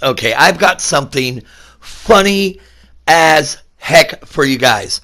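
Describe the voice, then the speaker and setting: A man with a sick, rough voice doing casual vlog commentary, mock-serious and stumbling over names with lots of fillers. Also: fairly high pitch, expressive, takes it slowly, sharp tone. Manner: mock-serious, breaks into disbelief. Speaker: YouTuber.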